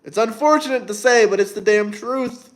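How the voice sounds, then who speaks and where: Hosting a laid-back livestream, this young man talks at ordinary speed in a voice that sits high. He reads comments from viewers and responds bluntly, with heavy swearing and plenty of rambling.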